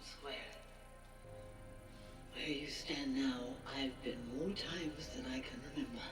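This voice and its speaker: A woman's voice: a bass voice, slow pace, over music. A solemn older woman rallying her people. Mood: reflective. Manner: solemn, building to a rallying cry. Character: older woman giving a stirring farewell speech. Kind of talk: dramatic screen acting. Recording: roomy, distant sound over a score.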